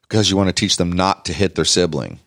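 Low-voiced man in animated podcast chat. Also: fast, dry recording, clean studio sound. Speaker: podcast co-host. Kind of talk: casual chat.

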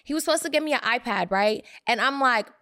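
A young woman co-hosting a podcast tells a personal story in quick, casual chat, recorded dry in studio quality. An animated storyteller, she acts out the quotes in higher voices.

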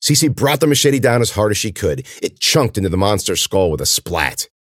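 A man reading a horror story aloud as narrator, with dramatic, measured storytelling. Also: lowish voice, sing-song, a bit bright, dry recording, studio quality.

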